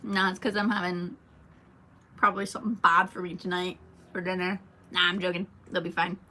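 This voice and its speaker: Speaking fairly quickly in a low-ish, sharp voice with a level tone, a young Irish woman streams live for her fans as a singer. She's chatty and giggly, reading their comments aloud and answering them.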